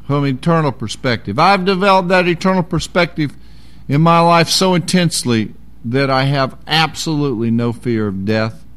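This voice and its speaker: A man's voice: fairly high pitch, moderate pace, fairly bright tone. A man preaching a sermon in a folksy, emphatic way.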